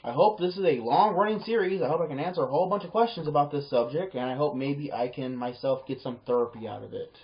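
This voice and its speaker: A man's voice: fairly high pitch, quick pace, hardly any pauses. A man telling a personal story to camera in a casual, rambling way, often repeating words and acting out the back-and-forth of conversations. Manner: rambling, repeats words, acts out quoted exchanges. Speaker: vlogger. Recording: dull lo-fi home recording.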